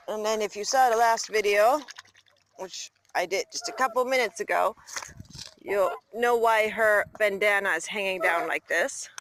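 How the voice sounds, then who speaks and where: A woman vlogging outdoors with her pet goose, filming on a phone, talking casually to viewers and coaxing the bird along. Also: slight background noise. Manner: high excited cheering and coaxing. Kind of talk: casual vlog talk to a pet. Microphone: phone held while walking.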